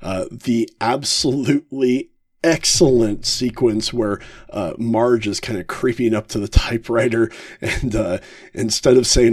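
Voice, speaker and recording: A man hosting a casual podcast, ranking favorite episodes with frequent chuckles and halting fillers. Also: mid-range voice, husky, no echo, clean studio sound. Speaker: podcast host.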